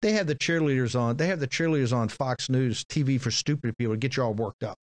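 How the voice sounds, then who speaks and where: A man's voice: mid-range voice, quick pace, no echo. A man hosting a political talk show, delivering a combative, sarcastic monologue that hammers phrases over and over.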